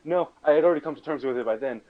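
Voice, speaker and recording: A man's voice: on the high side, very fast. Rambling young man, muffled mic. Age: young adult. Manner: rambling, joking storyteller who restarts sentences. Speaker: podcast co-host telling a story. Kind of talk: casual chat.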